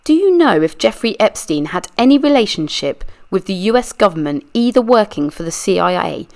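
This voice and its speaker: A woman's mid-range, darkish voice takes on a sing-song lilt as she reads a deposition fairly quickly. Reading for a true crime channel, she voices a persistent adult lawyer who questions a witness with methodical, pressing questions.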